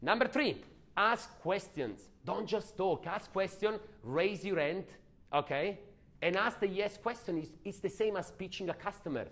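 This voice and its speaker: A man giving an energetic, emphatic sales training talk, often asking the audience questions. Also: high voice, a little slow.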